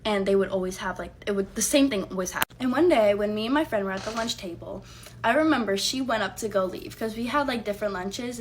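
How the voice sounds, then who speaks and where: With a mid-range voice and a slight hiss or hum in the audio, a young adult woman acts out what she once said during a casual storytime. She is heated, emphatic and swears freely.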